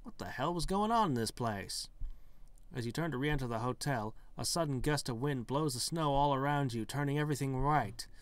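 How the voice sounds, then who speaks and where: A man's voice: medium pitch, expressive, normal speed, clean tone, no room sound. Man wryly reading a text game aloud. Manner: wry, joking asides between narrated passages. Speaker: gaming video host.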